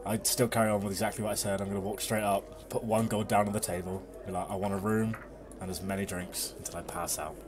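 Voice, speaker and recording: A man's voice: fairly low pitch, flat delivery, fast, background noise. A man playing a tabletop game, brash and joking. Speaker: player.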